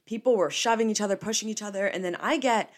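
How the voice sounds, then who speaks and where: A woman's voice: mid-range voice, fast talker. Chatty young woman ranting. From New Jersey. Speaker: podcast host. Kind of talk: casual solo podcast chat.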